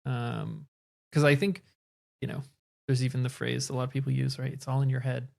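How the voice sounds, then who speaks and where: A man's voice: medium pitch, flat delivery, a little fast, creaky, darkish tone. A man co-hosting a podcast, thoughtfully explaining ideas in casual conversation. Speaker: podcast co-host.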